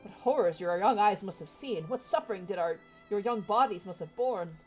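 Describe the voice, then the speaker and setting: A woman's voice: medium pitch, lively intonation, normal speed, breathy edge, poor audio. A woman voicing a formal, archaic-speaking male scholar with a mock valley-girl lilt over faint game music. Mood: grandly formal. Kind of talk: reading game dialogue aloud.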